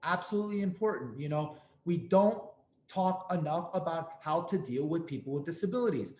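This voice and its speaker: Man, high voice, emphatic, repeats himself, echoey room. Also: lively intonation, a little fast, dark tone. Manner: emphatic, repeats key points, direct advice to listeners. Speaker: host and speaker on restaurant accessibility. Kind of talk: earnest advice talk.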